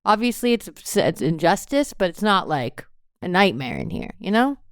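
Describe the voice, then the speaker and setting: A woman's voice: medium pitch, very animated, normal speed, clear, resonant tone, no echo, studio quality. A woman voicing a breezy, blunt female ex-convict who talks cheerfully.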